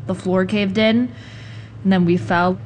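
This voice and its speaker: A young woman in an interview recounting a personal experience in a quiet, flat way. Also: mid-range voice, a little slow, a little hiss or hum.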